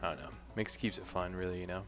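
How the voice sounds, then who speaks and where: A man's voice: low-pitched, fairly even intonation, quick pace, music in the background. A man hosting a podcast in casual chat, laid-back, often trailing off with "you know" and "like". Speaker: podcast host.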